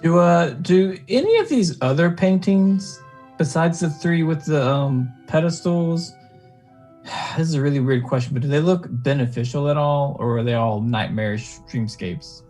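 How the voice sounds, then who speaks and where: A man playing a tabletop game, halting and breaking off his sentences. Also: on the high side, darkish tone, faint music behind. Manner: halting, self-interrupting. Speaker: player.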